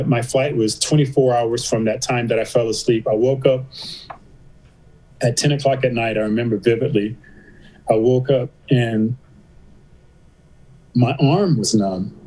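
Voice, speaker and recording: A man's voice: medium pitch, measured pace, long pauses, warm tone, poor audio. A man, a podcast guest, telling a personal story in casual talk and acting out the voices of people he quotes.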